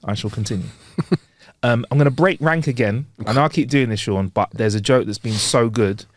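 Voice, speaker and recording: On a comedy podcast, a co-host with a mid-range voice talks a little fast, casually chatting and reading jokes in a playful, giggly manner while voicing the joke characters. The recording is dry with clean studio sound.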